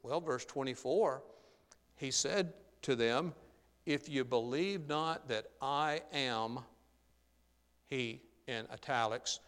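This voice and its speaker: A man's voice: medium pitch, slow, fairly bright tone, smooth. Man preaching in a reverberant hall. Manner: earnest, frequent "uh" and "there" tags. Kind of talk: sermon.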